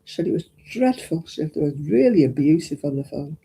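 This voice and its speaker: A woman's voice: sits low, expressive, brisk, gravelly, warm tone, slightly rough. An older woman, chatting casually as host of a crafting livestream and rambling through anecdotes. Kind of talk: casual chat.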